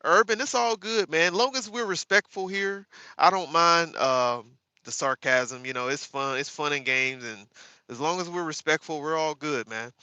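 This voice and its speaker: A man hosting a casual livestream, chatting with viewers by name, sarcastic and animated, calling his audience y'all. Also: on the high side, moderate pace, smooth, dry recording, dull audio. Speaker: livestream host. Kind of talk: casual live chat reading viewer comments.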